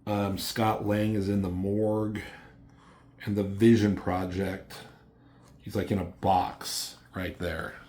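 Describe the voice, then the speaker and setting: Low-voiced man rambling through a comic review. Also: flat delivery, takes it slowly, darkish tone. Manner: loose, rambling, filler-heavy, swears casually.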